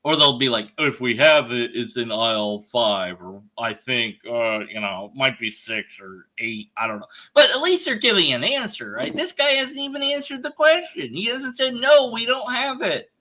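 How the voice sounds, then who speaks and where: A man's voice: medium pitch, very animated, moderate pace, hardly any pauses, bright, forceful tone. A man commenting on an online debate exchange, exasperated and ranting, acting out little scenes with quoted voices. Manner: exasperated, ranting, acts out store clerks in quotes. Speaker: atheist commentary streamer. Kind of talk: reading and reacting to a debate exchange.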